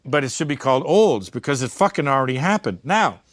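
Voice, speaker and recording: A man's voice: mid-range voice, very animated, brisk, no echo, studio quality. A man giving a candid interview, talking bluntly and emphatically, swearing freely and wandering into asides. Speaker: media entrepreneur and interview guest.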